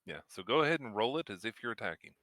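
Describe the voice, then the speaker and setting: A man running a tabletop game as game master, narrating scenes in a slow, measured way. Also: fairly low pitch, very animated, pushed and bright, dry recording, studio quality.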